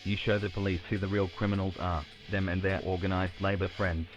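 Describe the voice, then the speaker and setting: A male text-to-speech voice reading adventure story text in a flat, even manner. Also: low-pitched, fairly quick, highs cut off, over music. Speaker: game narrator voice. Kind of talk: synthetic story narration.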